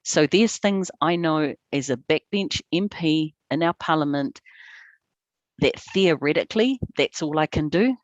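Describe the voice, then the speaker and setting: A woman's voice: low voice, lively intonation, a little slow, no room sound, muffled recording. A woman member of parliament speaking on a video call, passionate and defiant, telling her story with emphasis. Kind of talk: panel conversation over video call.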